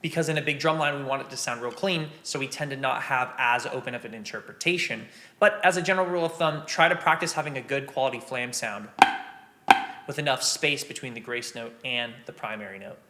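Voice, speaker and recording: Fairly quick and mid-range, a man's voice leads a casual drum lesson, breaking down rudiments one step at a time while counting beats aloud. Snare hits and metronome clicks play loudly behind this instructional talk.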